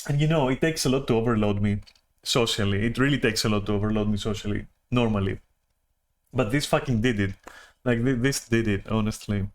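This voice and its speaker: A man streamer telling a story in a casual rant, animated, swearing and restarting often. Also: on the low side, brisk.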